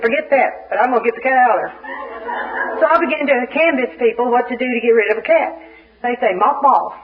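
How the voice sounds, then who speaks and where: Woman speaker, recovery share, animated comic storyteller; dull lo-fi tape. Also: high-pitched. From Little Rock, Arkansas. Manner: animated, comic storyteller who acts out scenes. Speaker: speaker at a recovery fellowship meeting. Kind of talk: humorous personal storytelling share.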